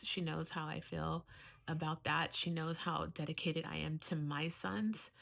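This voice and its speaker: A woman's voice: low voice, creaky, fairly bright tone. A middle-aged woman, a homeschooling mother, talking in a heartfelt, earnest way in a casual vlog, close to tears at times.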